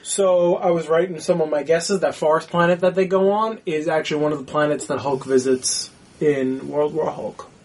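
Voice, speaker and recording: Podcast co-host, man, husky, blunt opinions, heavy swearing. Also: fairly high pitch, steady tone, moderate pace, a little mellow. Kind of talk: casual movie discussion.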